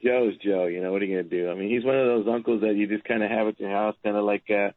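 A man's voice: lowish voice, steady tone, fast, dry recording, phone-quality sound. A middle-aged man appearing as a guest on a talk radio show, telling rambling, laughing stories about his family and acting out their voices. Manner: rambling storyteller, laughs often, acts out family members. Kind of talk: casual talk radio chat.

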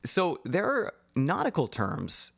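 A man's voice: a little high, wildly swooping pitch, slow, gravelly, a bit bright, husky. A man co-hosting a casual chat, wry and often laughing as he explains things. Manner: wry, laughing, breaks into mock voices.

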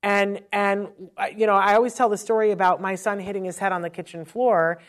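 A woman's voice: medium pitch, little pitch movement, a little fast. Earnest woman telling a parenting story. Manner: emotional, earnest, conversational. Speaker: parent educator on autism. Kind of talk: personal storytelling talk.

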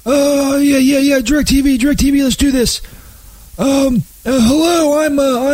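A man's voice: very high voice, fairly even intonation, a little slow, a little mellow, no echo. A man bantering in a comedy sketch, stammering, defensive and profane.

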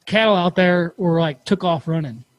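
High-voiced man telling a creepy story. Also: moderate pace, no room sound. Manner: swears freely, animated storyteller. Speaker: podcast host. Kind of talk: casual storytelling.

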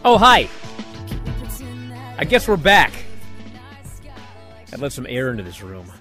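A man hosting a podcast, telling a story in casual chat with animated delivery and frequent restarts. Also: mid-range voice, takes it slowly, faint music behind. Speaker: podcast host.

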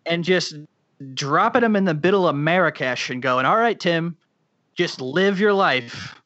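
A man's voice: fairly high pitch, animated, unhurried, sharp tone, no echo. A man from Boston co-hosting a casual comedic movie podcast, riffing sarcastically with plenty of swearing. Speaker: podcast co-host. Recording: dull, dry lo-fi podcast audio.

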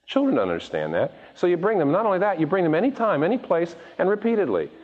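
Lively preacher in an echoing hall. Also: male voice, sits high, quick pace. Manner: animated, acts out the voices of the people he quotes; repeats words as he restarts. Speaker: pastor. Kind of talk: sermon. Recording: dull recording with long hall reverb.

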